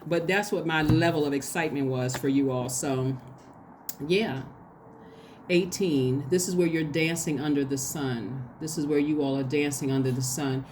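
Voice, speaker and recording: A woman giving a casual spoken tarot reading, chatty and excitable, talking straight to her viewers. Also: deep voice, moderate pace, background noise. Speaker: tarot reader.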